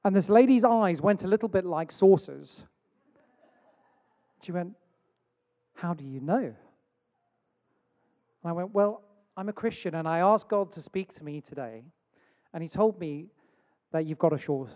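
A man's voice: sits high, lively intonation, unhurried, long pauses, mellow. A man from England preaching a sermon, telling a story with acted-out asides. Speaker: pastor. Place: church hall. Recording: long hall reverb.

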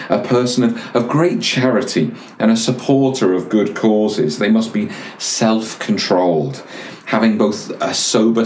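A man preaching a sermon as pastor, earnest and measured, telling stories with careful pauses. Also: on the low side, a little mellow, roomy sound, a little hiss or hum.

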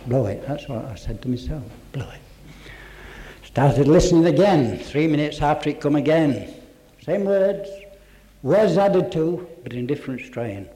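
Man, church testimony, earnest storyteller, mellow voice, fairly high pitch. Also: lively intonation, normal speed. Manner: earnest storyteller who drops to a hush for quoted voices. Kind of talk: spoken testimony to a congregation.

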